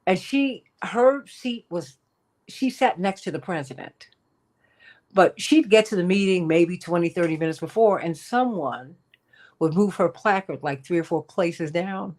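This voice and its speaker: A woman hosting a talk show, telling stories in a lively, chatty way with frequent laughs. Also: on the low side, unhurried. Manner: animated storytelling, laughs often, addresses guests by title. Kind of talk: casual radio talk.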